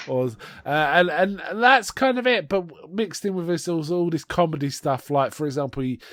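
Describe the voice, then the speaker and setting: A man's voice: fairly high pitch, fairly bright tone, no room sound, studio quality. A man co-hosting a podcast, chatting casually and rambling through his explanations with a laugh here and there. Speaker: podcast co-host. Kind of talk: casual chat.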